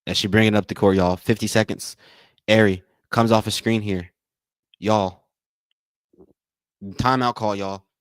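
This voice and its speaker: Excitable man calling a game live. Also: fairly low pitch, measured pace, pauses often, clear, resonant tone, no echo. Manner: excitable, repeats phrases, says y'all a lot; thanks donors by name. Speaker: livestream watch-along host. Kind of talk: live game commentary and chat.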